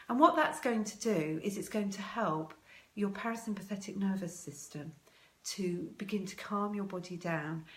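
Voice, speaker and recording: Brief: woman, low voice, calm and measured, coaching parents through breathing, echoey room. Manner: calm, slow and measured, with many ums. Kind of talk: live video talk guiding a breathing exercise.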